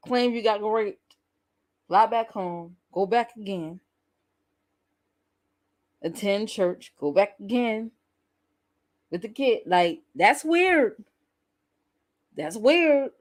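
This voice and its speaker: A woman's voice: medium pitch, expressive, slow pace, pauses often. A woman hosting a casual commentary channel, talking bluntly and candidly and often laughing as she reacts. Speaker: YouTube commentary host.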